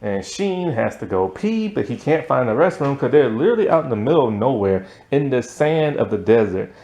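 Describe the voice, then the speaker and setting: A man's voice: medium pitch, big pitch swings, brisk, darkish tone. A man casually reviewing a cartoon episode, rambling with many "like" fillers, sleepy late at night. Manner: rambling, filler-heavy with frequent "like".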